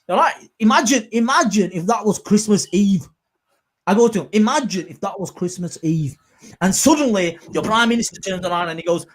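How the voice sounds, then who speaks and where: A man hosting a podcast in casual chat, animated and quick to act out quotes in a raised voice. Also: high voice. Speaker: podcast host.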